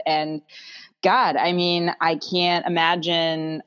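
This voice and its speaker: Earnest low-voiced woman, dull lo-fi sound. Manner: earnest and reflective. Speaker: podcast co-host. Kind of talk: heartfelt podcast conversation.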